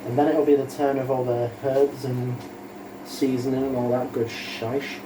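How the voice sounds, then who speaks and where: A man's voice: mid-range voice, flat delivery, moderate pace. Young man, dry cooking banter. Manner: dry, rambling, swearing. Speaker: co-host cooking. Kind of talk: casual cooking chat. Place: home kitchen. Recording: echoey kitchen, distant mic, noisy.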